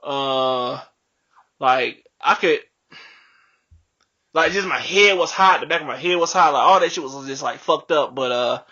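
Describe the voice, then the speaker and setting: A young man casually telling a profane, animated story on a podcast, laughing often. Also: fairly high pitch, unhurried, pauses often, breathy edge. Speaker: podcast co-host. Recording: dull lo-fi podcast audio.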